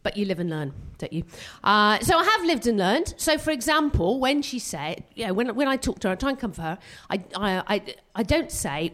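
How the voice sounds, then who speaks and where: A woman doing a live stand-up set on a theatre stage, self-mocking and excitable, tripping over her own restarts. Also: medium pitch, fairly quick, hardly any pauses. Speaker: stand-up comedian.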